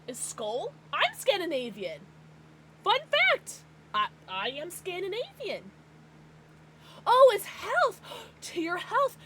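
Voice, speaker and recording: An American woman livestreaming, chatting casually with her viewers in an excitable, bubbly way. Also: very high-pitched, slow, a little hiss or hum. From United States. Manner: excitable, bubbly, gasps and laughs often.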